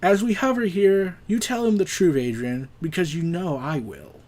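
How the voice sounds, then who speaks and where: A man voicing a calm, detached godlike male superbeing from a comic, speaking low, quiet and measured. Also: close to an everyday voice.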